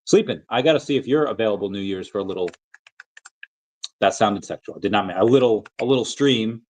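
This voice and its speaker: A man's voice: lowish voice, fairly quick, a little mellow, low-quality recording. A man hosting a casual livestream, rambling loosely with fillers and restarts as he reads viewer comments. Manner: playful, drops into sung and silly voices reading comments. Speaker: livestream host reading chat.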